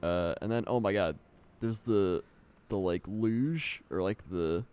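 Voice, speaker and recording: A man's voice: fairly low pitch, a little slow, darkish tone, clear, resonant tone. A young man streaming, telling a rambling story in casual chat and laughing often.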